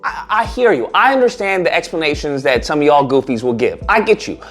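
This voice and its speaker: A man talking through casual online commentary with a lively, swooping pitch. He is animated and often slips into a high, mocking put-on voice. Faint music plays under him. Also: a little fast.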